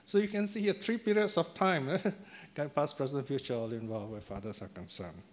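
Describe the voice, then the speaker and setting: A man's voice: medium pitch, moderate pace, slight background noise. A man giving a dharma talk as a Buddhist teacher, telling a story in a chatty way with chuckles and tag questions to the audience.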